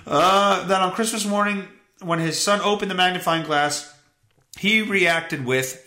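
A male podcast host reads news stories aloud and mocks them with sarcastic commentary full of swearing. His voice is fairly high with lively intonation, unhurried and sharp, and the sound is roomy.

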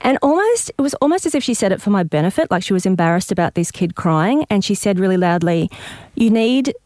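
An Australian woman in her forties hosting an interview, telling a story in a relaxed way and giving short agreeing replies. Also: mid-range voice, quick pace, dry recording, clean studio sound. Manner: brief affirming backchannels, relaxed storytelling. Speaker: interviewer host. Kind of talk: casual conversational interview.

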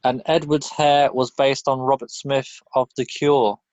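A man's voice: mid-range voice, little pitch movement, unhurried, darkish tone, no echo, muffled recording. A man co-hosting a podcast in casual chat, making dry joking asides. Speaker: podcast co-host.

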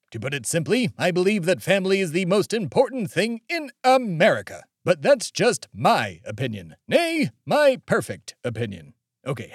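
A man hosting a comedy podcast as a pompous, blustering patriot. His voice sits a little high and swings widely in pitch. The sound is dry and close-miked. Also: no room sound. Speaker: podcast host. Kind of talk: comedic character monologue.

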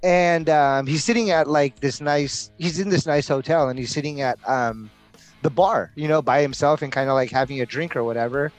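Laid-back rambling man, slightly high voice. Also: normal speed, soft background music. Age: middle-aged. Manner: laid-back, rambling, heavy use of "like" and "you know". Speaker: podcast host. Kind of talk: casual storytelling chat.

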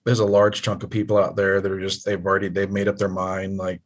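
A man with a low, husky voice drifts through a casual podcast chat. He rambles and circles back on himself, dropping the odd swear word in a laid-back way. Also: monotone, fast talker. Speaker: podcast co-host.

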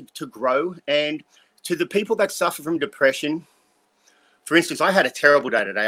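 A man's voice: medium pitch, bright, forceful tone. A blunt man in his fifties, rambling and swearing as he talks through life lessons in an interview. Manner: blunt, rambling, profane motivational talk. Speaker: guest. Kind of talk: casual interview talk.

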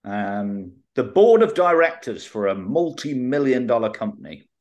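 A man's voice: medium pitch, very animated, moderate pace, darkish tone. Giggly man telling stories. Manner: giggly storyteller, laughs often. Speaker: podcast co-host. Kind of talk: casual comedy podcast chat.

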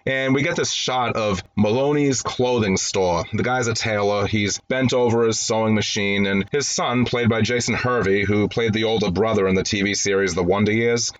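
A man with a fairly low voice hosts a film review show, walking listeners through movie setups. He talks in a chatty, conversational way, with dry, wry asides along the way. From grew up in an Italian-American home.

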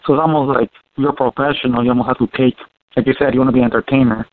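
A man with a Mexican Spanish accent hosting a casual comedy podcast interview, talking in halting, loose phrases. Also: medium pitch, steady tone, dry recording. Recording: gravelly voice on a tinny phone-like line.

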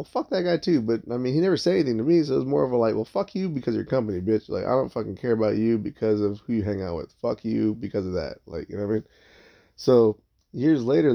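A man's voice: medium pitch, vocal fry. A man telling a rambling work story in a casual, profane way, acting out what others said. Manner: rambling, swears a lot, acts out quoted voices. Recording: dull lo-fi sound.

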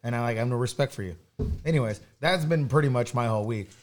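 A man's voice: medium pitch, quick pace, soft background music. A man telling a rambling, profane story in casual chat, with many stumbling restarts.

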